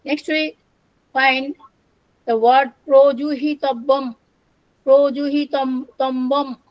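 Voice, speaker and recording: An older woman delivers an academic lecture, unhurried and careful, repeating each word as she works through it. Her voice sits somewhat high. The recording is dry and close, with no room sound. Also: little pitch movement, dry recording, dull audio. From India. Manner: slow, deliberate, repeats words while explaining. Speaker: lecturer on Sanskrit and Prakrit.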